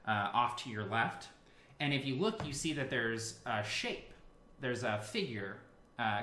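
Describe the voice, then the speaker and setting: A man's voice: mid-range voice, sharp tone. A man narrating a tabletop game as game master, loose and hesitant, with many fillers. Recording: echoey room with faint hiss.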